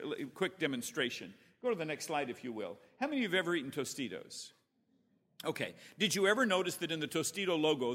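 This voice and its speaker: A man from California preaching a sermon as a playful, animated storyteller. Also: on the high side. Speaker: pastor. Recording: echoey church hall.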